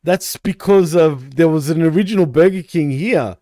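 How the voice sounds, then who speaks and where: An Australian man co-hosting a casual wrestling podcast, relaxed and swearing freely. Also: a little high, moderate pace. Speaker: podcast co-host.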